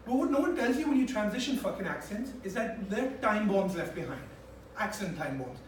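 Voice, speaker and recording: A young man from India with an English accent that still carries some Indian traces, performing a swearing, animated stand-up set for a few friends. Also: sits high, a little fast, a little hiss or hum. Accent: Indian-English, mostly English. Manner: animated, acting out voices, swearing. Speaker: stand-up comedian. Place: small room with a few friends. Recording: echoey room from a far mic, faint ambience.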